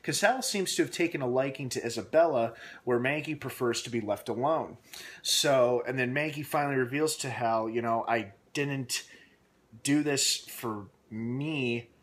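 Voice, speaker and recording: A man giving a casual, rambling spoken recap of a TV episode from home, animated and full of fillers. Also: mid-range voice, a little fast. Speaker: show recap reviewer.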